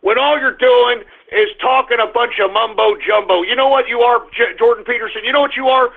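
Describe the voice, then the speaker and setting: A man's voice: very high-pitched, fairly even intonation, a little fast, vocal fry. An older man hosting a political talk radio show, delivering a fiery, repetitive ranting monologue over tinny phone-like audio.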